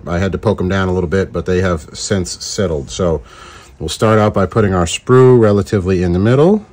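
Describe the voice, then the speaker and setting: This man's voice sits low with a darkish tone. As host of an easygoing lure-making tutorial, he fools around with goofy wordplay and jokes.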